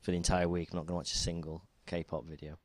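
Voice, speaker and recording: A man's voice: deep voice, little pitch movement, fast talker, no room sound. A man co-hosting a podcast, chatting casually and making dry, teasing remarks. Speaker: podcast co-host. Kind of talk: casual chat.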